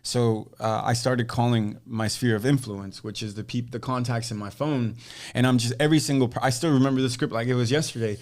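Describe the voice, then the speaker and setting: A man's voice: mid-range voice, a little fast. A man in a casual podcast interview, telling the story of his start in real estate. He talks in a mid-range voice and acts out the lines of the people he quotes. The telling is loose and conversational. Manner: animated storyteller who acts out quoted dialogue. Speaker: guest, real estate agent.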